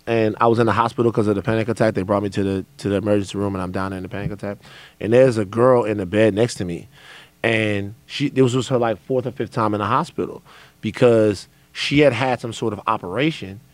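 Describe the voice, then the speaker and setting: A man's voice: lowish voice, fast talker, no echo. A man hosting a podcast, chatting casually, telling a story and giving short affirmations. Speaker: podcast host. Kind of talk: casual interview talk.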